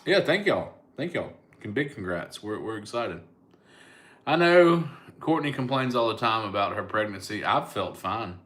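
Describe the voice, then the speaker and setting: A man's voice: on the low side, lively intonation, normal speed, fairly bright tone. A joking man from Alabama with a Southern accent, chatting casually on a live stream and answering comments. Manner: joking, laid-back, teasing. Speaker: comedian and online host.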